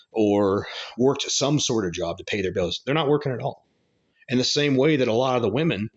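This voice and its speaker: A man's voice: medium pitch, muffled recording. A man giving a blunt, rambling opinion monologue with coarse language. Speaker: commentary channel host.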